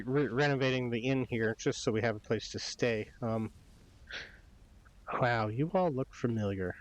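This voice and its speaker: A man's voice: mid-range voice, lightly acted, poor audio. A man voicing an anxious, suspicious small village mayor in a tabletop game. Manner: worried, fretful, suspicious.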